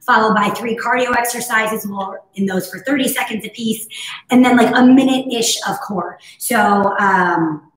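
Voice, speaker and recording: A woman fitness instructor with a hoarse, husky voice, cueing breaths and moves in a casual, encouraging live workout class. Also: fairly high pitch, moderate pace, fairly bright tone. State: hoarse from overuse. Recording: very echoey room.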